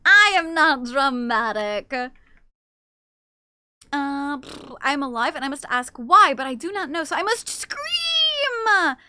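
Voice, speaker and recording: Woman doing a dramatic pet cat, theatrical wailing, high voice, drawn-out lines. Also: big pitch swings, exaggerated voice. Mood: indignant. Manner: loud theatrical wailing protest. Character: dramatic screaming house cat, female.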